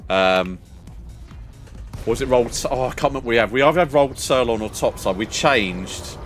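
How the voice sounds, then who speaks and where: A man's voice: medium pitch, brisk, fairly bright tone. An older man, chatting casually with viewers as a streamer, rambling and laughing often. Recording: faint music behind.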